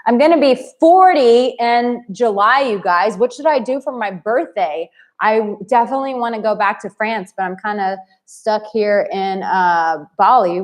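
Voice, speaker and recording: A woman in her late thirties, a dating coach talking in a live stream, blunt and effusive as she reads viewers' comments aloud. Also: medium pitch. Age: 30s. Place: home in Bali.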